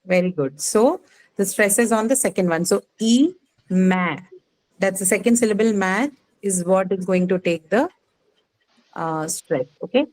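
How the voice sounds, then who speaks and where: A woman teaching word stress to a class, repeating each word slowly and quizzing her students patiently. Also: medium pitch, darkish tone, dry recording, poor audio. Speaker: English teacher.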